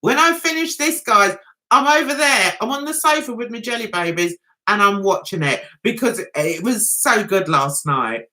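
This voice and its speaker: A woman's voice: mid-range voice, expressive, normal speed, bright, forceful tone. A middle-aged British woman hosting a casual live-stream chat, reading out viewers' comments and laughing at herself. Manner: giggly, chatty, often laughs at herself.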